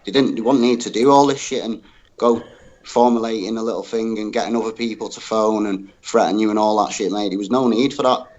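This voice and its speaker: A man's voice: on the low side, brisk, a little mellow, highs cut off. A man calling into a livestream in casual talk, blunt and swearing, tacking "mate" onto nearly every sentence. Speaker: call-in guest on a livestream.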